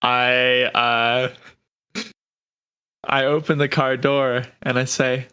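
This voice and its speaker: A man's voice: medium pitch, level tone, slow pace, bright, forceful tone, clear, resonant tone, no echo. A man playing a tabletop game, asking questions and describing what his character does. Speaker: player. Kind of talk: tabletop role-play chat.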